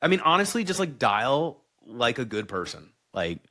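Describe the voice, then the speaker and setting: A man speaks as a podcast guest in an easygoing, frank way. He is blunt and throws in plenty of "like" while he explains things. His voice sits at a middling pitch. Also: sing-song, moderate pace, bright, forceful tone. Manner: candid, blunt, casual with lots of "like". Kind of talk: casual podcast chat.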